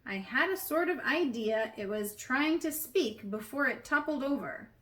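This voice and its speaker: A woman's voice: high voice, expressive, a little slow, fairly bright tone. A woman voicing a sensible, careful talking badger in a storybook reading. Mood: firm.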